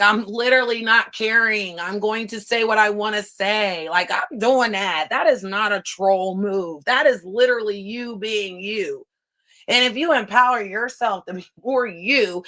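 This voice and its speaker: This is a woman hosting a casual livestream, talking straight to her viewers. She is blunt and sarcastic and laughs often, and she reads comments aloud as she goes. Her voice sits at a middling pitch. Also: a bit bright. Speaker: livestream host.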